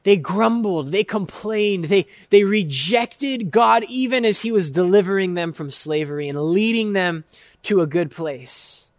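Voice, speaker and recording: A man's voice: sits high, no echo, studio quality. A male pastor preaching a sermon in an earnest, emphatic way, stretching out key words and repeating phrases for weight. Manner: earnest, emphatic, drawn-out repetition.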